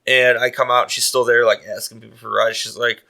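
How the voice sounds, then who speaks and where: A man's voice: mid-range voice, a little fast, vocal fry. A man on a podcast, telling a story with lots of swearing. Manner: profane, animated storyteller. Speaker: podcast co-host. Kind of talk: casual storytelling.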